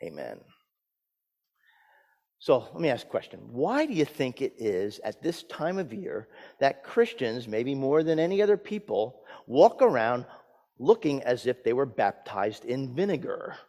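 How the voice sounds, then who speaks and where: A man preaching a sermon as pastor, reading scripture, praying and telling stories with dramatic swings in loudness and pitch. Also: very animated, moderate pace. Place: church sanctuary. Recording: long hall reverb.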